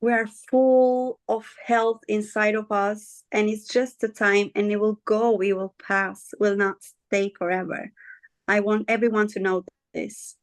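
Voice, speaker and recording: A woman's voice: mid-range voice, little pitch movement, no echo. Earnest woman speaking with a dry sound. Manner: earnest, halting, often searching for words. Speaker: guest sharing her story. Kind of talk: candid conversational interview.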